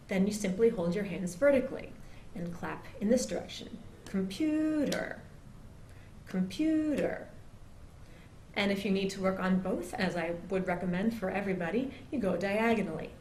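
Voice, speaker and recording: A woman teaches pronunciation in an explanatory, patient way, pausing on fillers and drawing out example words slowly. Her voice sits at a middle pitch. The room has a noticeable echo and a faint ambient hum underneath. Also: darkish tone. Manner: demonstrates words slowly and drawn out. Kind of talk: pronunciation lesson.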